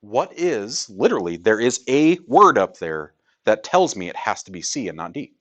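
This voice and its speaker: A man's voice: fairly low pitch, very animated, normal speed, a bit bright. A male math teacher teaching a class in a classroom, joking with students and asking rhetorical questions.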